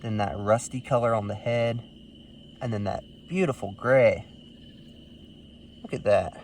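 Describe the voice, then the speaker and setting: A man's voice: on the low side, a little slow, long pauses, a little mellow, slight background noise. A man casually narrating as he finds snakes on a rural road at night, chatty and easygoing. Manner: easygoing, chatty, fond of the animals. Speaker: field herping vlogger.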